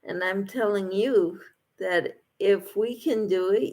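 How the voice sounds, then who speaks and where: A woman's voice: medium pitch, takes it slowly, darkish tone, a little hiss or hum. A woman crochet vlogger talking to her viewers in an earnest, reassuring way. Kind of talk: casual encouraging talk to camera.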